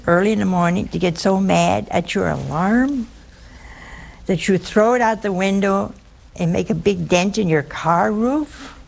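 A woman preaching a light-hearted sermon, taking her time with every phrase and letting her words settle. Her voice has a gravelly edge, and she slips into little acted-out scenes as she teases her listeners. A faint hum of ambience sits behind her. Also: medium pitch. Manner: folksy, teasing, acts out anecdotes. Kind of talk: humorous sermon.

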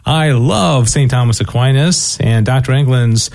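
Enthusiastic radio interview host. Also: male voice, medium pitch, a little slow, creaky, a little mellow. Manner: friendly, enthusiastic, with fillers and repeats. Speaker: radio host and station director.

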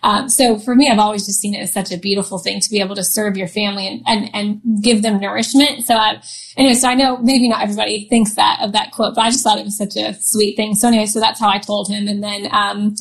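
A woman's voice: medium pitch, fairly even intonation, fast, vocal fry, low-quality recording. A woman in her thirties, a podcast guest, telling a personal story in a chatty way with frequent laughs and restarts. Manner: chatty, laughs often, many fillers and restarts. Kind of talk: casual storytelling in an interview.

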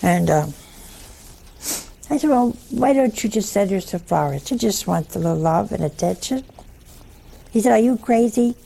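A woman giving a storytelling sermon, folksy and humorous, slow and emphatic. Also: medium pitch, lively intonation, vocal fry, warm tone, a little hiss or hum. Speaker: religious preacher.

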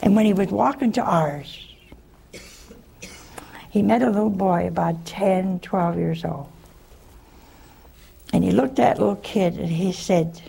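A religious sister answering a caller on a call-in show, telling stories in a folksy, chuckling way. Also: female voice, lowish voice, unhurried, gravelly, long pauses, mellow, breathy edge. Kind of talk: call-in advice with storytelling.

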